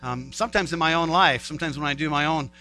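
A man's voice: a little high, quick pace, sharp tone, a little hiss or hum, rough recording. A male pastor giving a conversational sermon. He repeats key phrases and acts out the voices of doubters.

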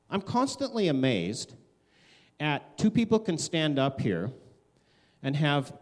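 Animated man preaching a sermon. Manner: animated, conversational, acts out quotes with big pitch swings. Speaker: pastor.

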